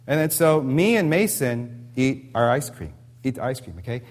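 A man in his thirties delivers a sermon through a homely story and a string of rhetorical questions. His voice sits slightly high and rises and falls with lively animation. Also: brisk. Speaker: pastor.

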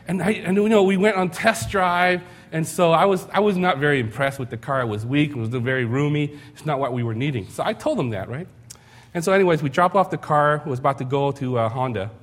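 A man preaching a sermon in a conversational way, telling stories with rhetorical questions and self-deprecating humor. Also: fairly high pitch. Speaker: pastor.

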